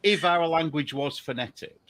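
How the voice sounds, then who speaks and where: A man's voice: a little high, normal speed, fairly bright tone, no echo. A man teasing and chatting playfully on a video call. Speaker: podcast co-host, knitwear designer. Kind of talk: casual chat.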